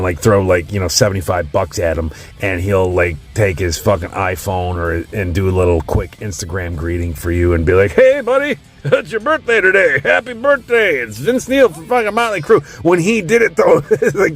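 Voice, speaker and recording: A man casually ranking music in a profane, opinionated rant. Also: sits low. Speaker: host.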